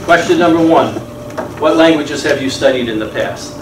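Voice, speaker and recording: A man's voice: fairly high pitch, normal speed, crowd noise. A man leading a church Bible study, explaining scripture in a conversational way and quizzing the class with questions. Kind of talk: interactive Bible study lesson. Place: church meeting room. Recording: echoey room, distant mic, noisy.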